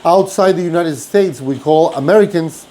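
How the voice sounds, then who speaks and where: A middle-aged chef from Mexico with a Mexican Spanish accent, telling stories in casual chat and acting out other people's lines. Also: male voice, on the high side, moderate pace. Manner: animated, acts out quoted voices. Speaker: chef and podcast co-host.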